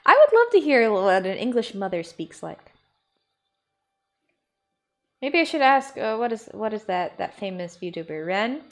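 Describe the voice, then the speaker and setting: A woman's voice: mid-range voice, sing-song, normal speed, fairly bright tone. A woman streaming a game and chatting casually and playfully with viewers, laughing often; her first language is German. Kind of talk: casual gameplay commentary.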